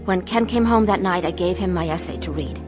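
A woman's voice: on the low side, brisk, music in the background, natural voice. Actress voicing a middle-aged woman narrating a dramatized testimony, earnest. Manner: earnest, confessional. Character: troubled middle-aged wife telling her story, woman. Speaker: narrator and main character.

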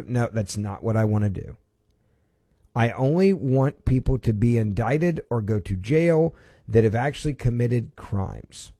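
A man's voice: mid-range voice, lively intonation, normal speed, warm tone, husky, no room sound. Emphatic male talk radio host, dry studio sound. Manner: emphatic, repeats words, many restarts. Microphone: studio microphone.

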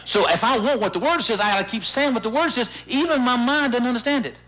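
A man preaching as pastor, leading his congregation in repeating lines, animated and insistent. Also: quick pace. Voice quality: animated, swooping pitch when stirred. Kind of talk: sermon with call-and-response.

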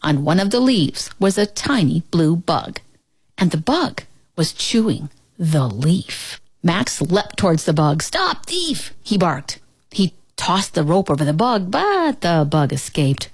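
A woman reads a children's storybook aloud, her voice low-set but rising and falling with lively swings of pitch. Her tone is soft and a little breathy, recorded close in a dry, dead room. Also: a little slow, no room sound. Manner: expressive, animated storytelling. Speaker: storybook reader. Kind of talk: children's picture book read-aloud.

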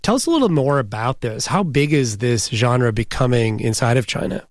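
A man's voice: mid-range voice, animated, no room sound. Dry-voiced male news host. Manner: measured, conversational questioning. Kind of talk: news interview.

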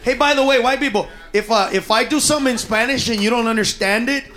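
A man doing a profane, brash stand-up routine on a comedy club stage, often shouting his punchlines. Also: extremely high pitch, fast talker, noisy background. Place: comedy club stage before a laughing crowd. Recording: echoey club, loud crowd laughter.

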